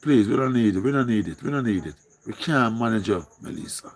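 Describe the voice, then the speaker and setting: A man's voice: on the low side, animated, fairly quick. A man with a Jamaican accent hosting a casual live stream, pleading and repeating himself in singsong calls.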